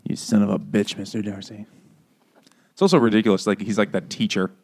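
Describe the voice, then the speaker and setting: Low-voiced man with profane wisecracks. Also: flat delivery, a little fast, a little mellow. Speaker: podcast co-host. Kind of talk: casual comedic book chat.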